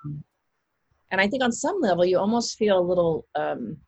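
A woman's voice: lowish voice, expressive, moderate pace, gravelly, a little mellow, slightly rough, no echo, muffled recording. A woman, an actress, talking casually in an interview, rambling with many fillers and restarts. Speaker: actress guest.

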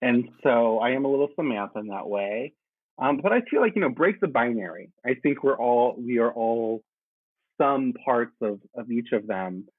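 A man chatting as a guest, animated and laughing, with lots of "like" in his speech. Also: mid-range voice, moderate pace, breathy edge, no echo. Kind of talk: casual podcast chat. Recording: tinny phone-like line.

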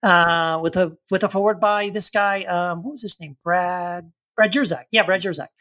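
A man's voice: high-pitched, moderate pace, bright, forceful tone, rough recording. A man with a slight Texan accent co-hosting a podcast in casual chat, rambling and correcting himself. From Texas. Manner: rambling, self-correcting, playful. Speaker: podcast co-host.

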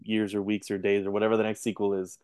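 A man's voice: fairly low pitch, monotone, fast talker, darkish tone, clear, resonant tone. A man guest on a film podcast, talking casually and animatedly, often acting out what others say.

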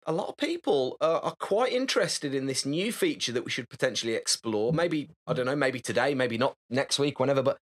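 This is a man co-hosting a podcast in relaxed, teasing banter. He ribs his friend and steers the chat along. His voice sits in a middling pitch. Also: a little fast, few pauses. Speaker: podcast co-host. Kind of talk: casual chat.

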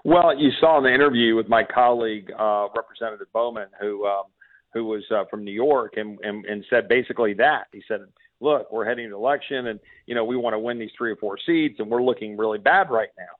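A man's voice: fairly low pitch, a little fast, no room sound. A congressman from Texas calling in to a radio interview, speaking in a fiery, emphatic way with frequent restarts. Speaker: congressman guest. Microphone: phone. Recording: tinny dry phone line.

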